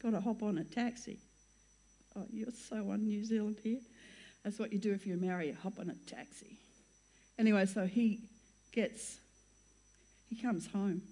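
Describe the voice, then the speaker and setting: A woman's voice: medium pitch, steady tone, normal speed, pauses often, mellow. An older woman telling her life story as a church testimony, chatty and rambling, often breaking off mid-sentence and laughing. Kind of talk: chatty personal storytelling to an audience.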